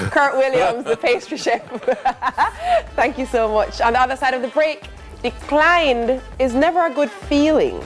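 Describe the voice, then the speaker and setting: Playful woman hosting morning TV. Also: a little high. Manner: playful, laughing, expressive. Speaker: morning show host. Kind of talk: lively live TV chat.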